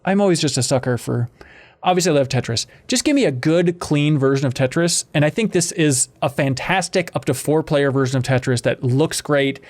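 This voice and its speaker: A man's voice: on the high side, a little fast, darkish tone. A man hosting a games podcast, chatting enthusiastically in long run-on sentences. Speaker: podcast host. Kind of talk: casual chat.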